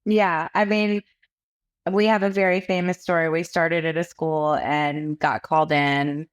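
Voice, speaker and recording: Laughing, animated woman from South Texas. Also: low-pitched, unhurried. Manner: animated storyteller, acts out quotes with laughter. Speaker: women's health founder, guest. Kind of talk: casual storytelling interview.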